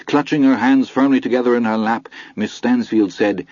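A man narrating an audiobook in a measured, formal storytelling manner. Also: medium pitch, fairly even intonation, darkish tone, no room sound, dull audio.

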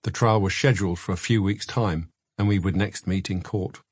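A man with a low, husky voice narrates a memoir in a measured, matter-of-fact way. He is close on the mic in a dry, dead studio. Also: steady tone, no echo. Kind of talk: scripted audiobook narration.

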